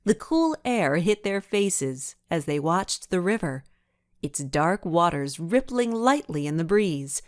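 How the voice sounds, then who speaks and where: A woman reads a kids' mystery aloud in a fairly low voice, yet her pitch rises and falls with lively storytelling expression. The recording is close and dry, with no room sound. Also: slow pace, no room sound. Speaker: audiobook narrator. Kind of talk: scripted narration.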